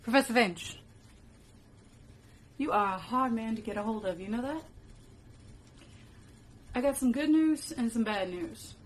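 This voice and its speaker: A woman's voice: fairly high pitch, expressive, a little slow, pauses often, slight background noise. A woman playing a laid-back female wizard professor with a casual, folksy way of talking, in a fan-made web drama.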